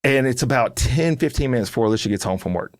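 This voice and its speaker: A middle-aged man tells a story animatedly on a podcast, acting out the parts himself. His pitch sits in an ordinary middle range, and the sound is dry and close, with no room around it. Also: quick pace, no echo. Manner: animated storyteller who acts out his own lines. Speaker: podcast host and coach. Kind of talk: casual chat.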